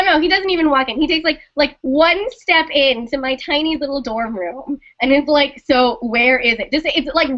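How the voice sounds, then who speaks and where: Animated high-voiced young woman storyteller. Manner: animated, swearing, acts out dialogue. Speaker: streamer telling a story. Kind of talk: casual storytelling. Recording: dull lo-fi sound.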